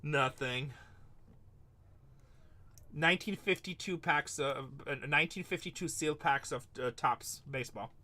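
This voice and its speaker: Forceful, joking card-break host. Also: male voice, a little high, moderate pace, hardly any pauses. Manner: rambling, joking, swears casually, calls out teams. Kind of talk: livestream sales chat.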